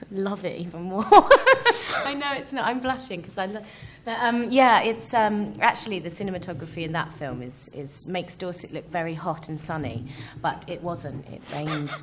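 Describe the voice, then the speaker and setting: A woman's voice: fairly low pitch, expressive, moderate pace. A woman answering at a press conference in a bubbly, giggly way. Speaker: film actress on a press panel.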